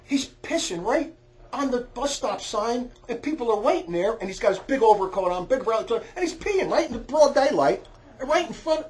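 A man tells a rambling story in a high, very lively voice that swings widely up and down. He is loud and heated, bursts into shouts, and trips over frequent restarts. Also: moderate pace. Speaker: storyteller on a talk recording.

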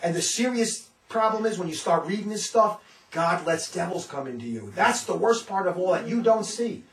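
A man's voice: high voice, expressive, moderate pace, roomy sound, recorded from a distance, rough recording. A man who leads a religious community, preaching in a fervent, informal way. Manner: fervent, often acts out others' words. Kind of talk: impassioned informal sermon.

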